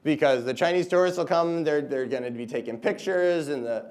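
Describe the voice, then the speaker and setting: A man's voice: on the high side, a little fast, darkish tone. Upbeat man giving a talk. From United States. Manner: chatty, upbeat, frequent "like" and "you know". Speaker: comedian giving a talk to students. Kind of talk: casual lively presentation.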